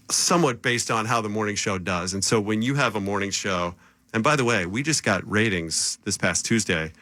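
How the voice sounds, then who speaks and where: Male program director, low bright voice, earnest on-air thanks. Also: dry recording. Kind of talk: casual on-air chat. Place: radio studio.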